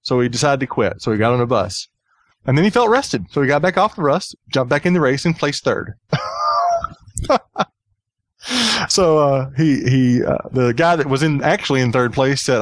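A man's voice: mid-range voice, very animated, normal speed, no room sound. Guy hosting a podcast, chatty, repeats himself a lot, dry close mic. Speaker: podcast host. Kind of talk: casual podcast chat.

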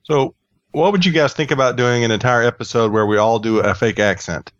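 A man's voice: mid-range voice, brisk, a bit bright, no echo. A man on a tech podcast panel who jokes around playfully and pokes fun at himself. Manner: playful, joking, self-mocking. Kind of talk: casual tech chat. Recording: dull lo-fi audio.

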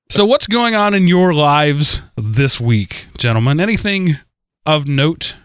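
A man's voice: on the high side, animated, slow, pauses often, fairly bright tone, smooth, no room sound. A man hosting a casual comedy podcast, giving wry announcer-style intros and chatting with his co-hosts on a close mic. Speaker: podcast host.

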